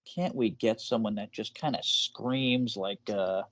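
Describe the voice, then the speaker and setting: A man co-hosting a casual podcast, animated and profane, his voice jumping up when excited. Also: measured pace, dull audio. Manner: animated, swearing, jumps in pitch when excited. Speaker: podcast co-host.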